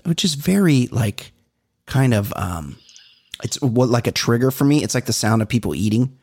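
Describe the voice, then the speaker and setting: Gravelly, animated middle-aged man. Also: a little fast. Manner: animated, acts out exchanges with big pitch jumps. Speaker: podcast co-host. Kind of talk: casual comedic chat.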